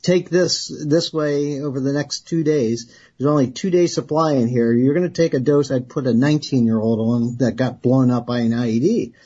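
In an interview, a middle-aged retired Army researcher tells a long story, acting out the dialogue and laughing now and then. His mid-range voice is slightly rough, at normal speed, and the recording sounds lo-fi.

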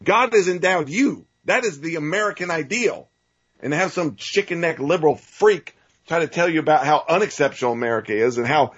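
Male talk host, heated rant, husky voice, muffled lo-fi sound. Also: on the high side, fairly bright tone. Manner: ranting, repetitive, stammering restarts.

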